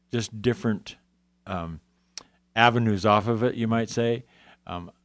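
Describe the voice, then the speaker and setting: A guest with a lowish voice earnestly shares his Christian testimony in conversation, growing emotional and frequently quoting scripture. The sound has no echo.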